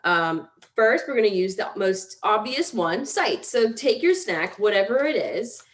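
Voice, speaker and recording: A woman's voice: mid-range voice, lively intonation, a little slow. A young woman teaching a casual mindfulness exercise, chatty and self-deprecating, giving step-by-step instructions and yawning now and then.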